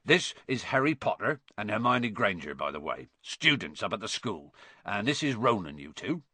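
A man voicing a huge, gruff gamekeeper with a rough in a storybook reading. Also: on the low side, very animated, moderate pace, bright, forceful tone, no room sound, full character voice. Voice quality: gruff, blunt.

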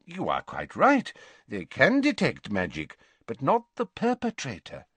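A man performs a calm old wizard headmaster for an audiobook, patiently explaining in measured tones. His voice is medium-pitched with a breathy edge, pushed up and exaggerated, recorded with no echo.

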